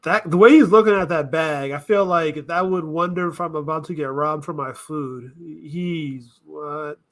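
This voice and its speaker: A man riffing through casual reaction commentary with a voice pitched a little high. He thinks out loud, wanders off track and corrects himself as he goes. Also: normal speed. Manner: rambling, thinking aloud, self-correcting. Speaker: reaction video host.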